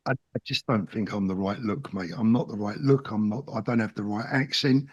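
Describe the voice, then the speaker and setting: A man's voice: on the low side, brisk, husky, highs cut off. A middle-aged man with a South London accent, a guest talking in an interview in an earnest, plain-spoken and emphatic way. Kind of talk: casual interview talk.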